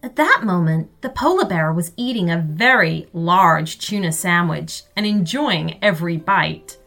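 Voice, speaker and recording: Lively woman reading a children's story. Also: lowish voice, a little slow, gravelly. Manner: expressive and lively. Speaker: narrator.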